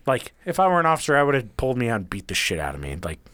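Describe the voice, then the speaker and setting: Brief: man, 30s, animated and foul-mouthed raconteur, swooping pitch, dry close sound. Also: racing, no echo. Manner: profane, animated storyteller acting out other people's lines. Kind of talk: casual storytelling chat.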